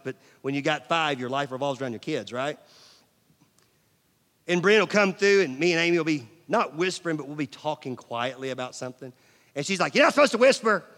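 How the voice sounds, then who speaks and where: Preacher man with hall reverb. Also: a little high. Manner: dynamic, swings from loud emphasis to near-whisper; asks the audience questions. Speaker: pastor. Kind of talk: sermon. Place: large church hall. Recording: long church hall reverb.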